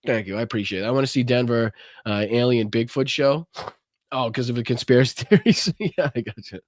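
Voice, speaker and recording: A man's voice: medium pitch, no room sound, clean studio sound. A man hosting a live podcast stream, ranting with lots of swearing, then thanking viewers from the chat. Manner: profane, impassioned ranting; calmer, halting reading of chat messages. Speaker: podcast host. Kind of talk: livestream rant and chat thank-yous.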